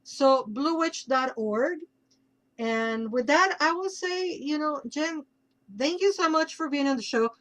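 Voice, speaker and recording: A woman's voice: high voice, measured pace, fairly bright tone, low-quality recording. A woman podcast host with a Mexican accent, chatting casually and plugging her work with playful asides.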